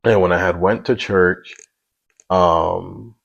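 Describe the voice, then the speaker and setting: A man's voice: sits low, fairly even intonation, takes it slowly, creaky, slightly rough, muffled recording. A man in his thirties giving a candid personal faith testimony, earnest and confessional, with many "you know" asides. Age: 30s.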